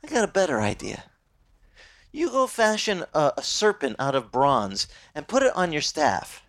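Preacher doing God, matter-of-fact and laid-back, firm decisions. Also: male voice, a little high, huge pitch swings, normal speed, fairly bright tone, full character voice. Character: God, calm and decisive, speaking casually.

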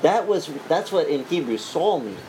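A man preaching a sermon, telling the story in a lively, joking way, with frequent restarts. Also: on the high side, normal speed, noisy background. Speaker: pastor.

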